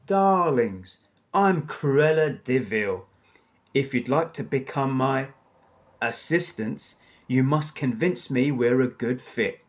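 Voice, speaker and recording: A man's voice: medium pitch, animated, slow. A man voicing a haughty, imperious middle-aged villainess who barks and scolds, in a storybook reading.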